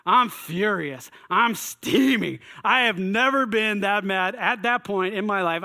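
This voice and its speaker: A man with a high-pitched voice tells a personal story with lots of energy, acting out his own thoughts through exclamations.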